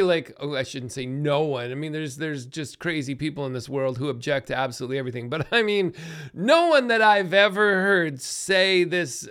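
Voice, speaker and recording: A man talks alone as host of his own show, slightly high-pitched and animated, rambling from joke to aside. Faint music sits beneath his voice. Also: clean tone. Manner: animated, rambling and joking, many asides and laughs. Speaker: podcast host. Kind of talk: casual solo monologue.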